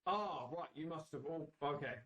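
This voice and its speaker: A man's voice: on the high side, normal speed, fairly bright tone, close to an everyday voice. A man voicing a distracted, absent-minded king who hesitates and trails off.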